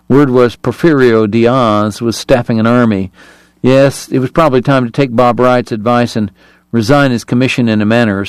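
A man's voice: medium pitch, a little mellow, smooth, dry recording. Man narrating an audiobook, dry close sound.

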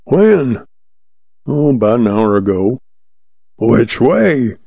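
A man reading a scornful, drawling cowhand in a western audiobook, with a gravelly voice. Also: medium pitch, big pitch swings, slow pace, dark tone, dry recording, lo-fi sound, full character voice. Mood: sneering. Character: surly sneering male cowhand, middle-aged.

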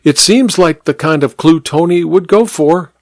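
A man voicing a defensive, sharp-tongued young housemaid in a dry storybook reading. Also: a little high, moderate pace, dry recording, pitched above the performer's own voice, natural voice. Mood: uncertain.

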